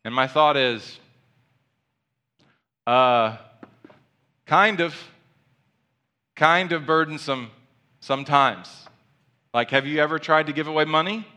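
A man delivering a sermon with a bright, forward tone. He talks conversationally, animated and full of asides, as if chatting with his congregation. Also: a little high, slow, pauses often, smooth. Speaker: pastor.

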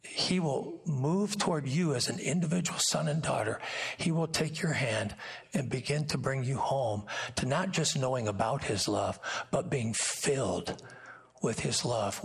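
An older man preaching a sermon, moving between impassioned acted-out scenes and quiet, intimate storytelling. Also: mid-range voice, creaky, breathy edge. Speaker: guest pastor. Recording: church sanctuary sermon audio.

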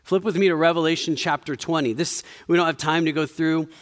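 A man preaching a sermon in a conversational way, with frequent restarts, dropping to a quiet low voice for emphasis. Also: steady tone, fairly quick. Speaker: pastor.

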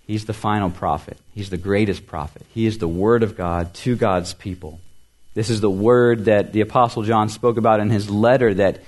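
A man preaching a sermon as pastor, earnest, repeating words for emphasis, lifting his voice on key phrases and letting it sink soft and low at the ends. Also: steady tone, normal speed.

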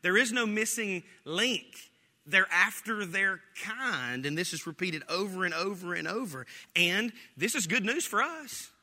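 A pastor preaching an animated, joking sermon, often laughing as he talks. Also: high-pitched, measured pace, in a large hall.

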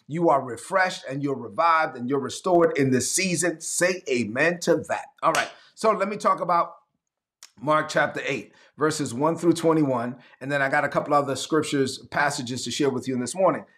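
A man delivers a sermon with a voice sitting a touch high for a man. He reads scripture aloud and slips into animated voices to act out the stories, speaking to an online audience. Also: normal speed. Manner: animated, acts out Bible scenes in voices. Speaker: pastor.

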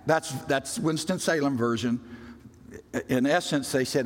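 A man preaching a sermon as a pastor, emphatic, swinging from loud bursts to quiet, drawn-out words. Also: medium pitch. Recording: long reverb of a large hall.

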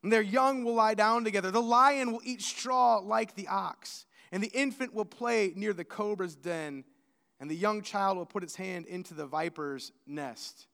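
A man's voice: sits high, moderate pace, vocal fry. A man preaching a sermon as pastor, telling stories animatedly and acting out quoted voices. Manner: storytelling, animated with acted-out quotes. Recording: long hall reverb.

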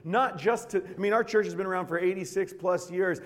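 A male pastor preaching a fervent sermon, swinging between quiet, intimate passages and loud, impassioned pleading. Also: high voice, brisk, hardly any pauses, big-room sound.

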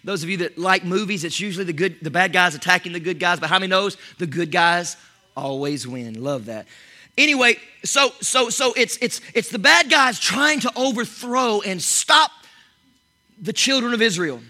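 A man delivering a fired-up sermon in a high, very bright voice. He shifts from near-shouting to soft whispers and stumbles into quick restarts and repeated words as he builds momentum. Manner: animated, shifting between loud exclamations and soft whispers. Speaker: pastor. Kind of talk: energetic sermon.

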